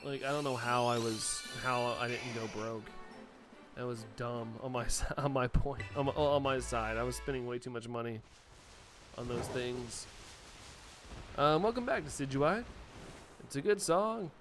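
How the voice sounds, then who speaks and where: A young man streams and talks loosely to his viewers, chuckling often and reacting to what they write. His pitch sits mid-range for a man, and faint music plays behind him. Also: moderate pace, fairly bright tone. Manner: chatty, laughs often, reacts to chat messages. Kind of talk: casual live-stream chat.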